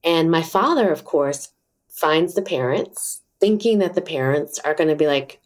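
Middle-aged woman guest, low pitch, animated candid storytelling with acted-out quotes. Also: measured pace. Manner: animated, acts out quoted voices, many fillers. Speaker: interview guest.

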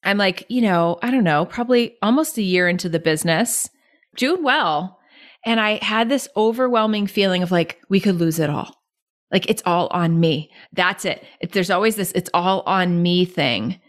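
Woman entrepreneur, podcast guest, mid-pitched, lively storyteller who acts out quotes. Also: normal speed. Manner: animated, acts out quoted voices with high pitch jumps. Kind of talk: casual podcast conversation.

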